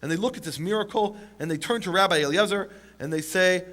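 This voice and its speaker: A man telling a story in a sermon, animated, acting out the quotes with big jumps in pitch and chuckling along. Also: quick pace. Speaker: teacher of the Bible.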